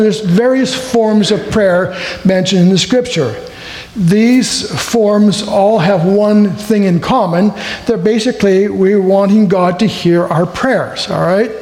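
A man's voice: high-pitched, darkish tone. A man preaching a sermon and telling a joke first, in a chatty, conversational way with asides to the room. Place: church hall. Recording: echoey hall with faint ambience.

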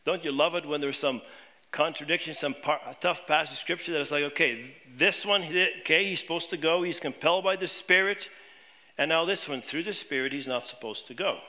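Man, pastor, sermon, highish voice, bright tone, sinks to a hushed murmur at points. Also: a little fast. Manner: questioning, drops to a low murmur on key points.

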